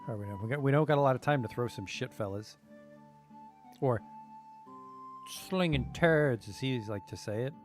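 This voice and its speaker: A man's voice: medium pitch, quick pace, a little mellow, soft background music. A young man giving casual, joking, profane commentary while streaming a game, sometimes reading tutorial text aloud.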